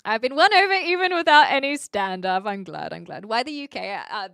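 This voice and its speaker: A woman's voice: a little high, very animated, fairly quick, gravelly, a bit bright, dry recording, studio quality. A woman streamer with a mixed Australian and British accent, chatting casually as she reads out and answers her chat. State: sleepy.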